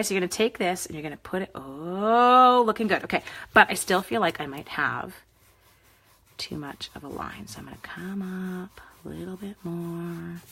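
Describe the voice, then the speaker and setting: A woman's voice: lowish voice, fairly bright tone. A woman hosting a live card-making demo, chatting with viewers by name as she works. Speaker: crafting demonstrator.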